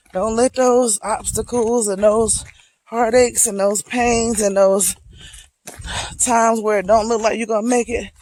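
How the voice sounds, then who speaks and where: A hiking vlogger, speaking slowly and reflectively, encouraging viewers while out on a wooded trail near waterfalls. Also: medium pitch, a little mellow, poor audio. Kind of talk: motivational outdoor vlog.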